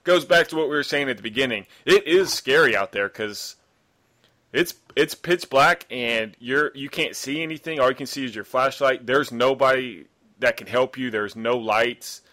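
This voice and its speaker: A man in a casual conversation, speaking in a relaxed way. He chimes in and asks questions. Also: mid-range voice, moderate pace. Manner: relaxed, chiming in and asking questions. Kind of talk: casual chat.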